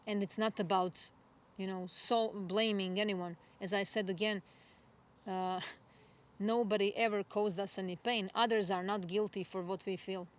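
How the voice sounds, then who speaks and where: A woman astrologer giving a spiritual forecast monologue, gentle and reflective, unhurried and earnest. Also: mid-range voice, steady tone. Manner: gentle, reflective, soft laughs.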